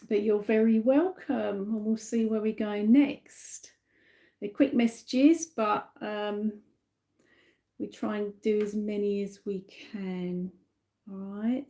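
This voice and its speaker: A middle-aged woman giving a live psychic reading, talking slowly and emotionally as she relays messages. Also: a little high, warm tone. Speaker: psychic medium.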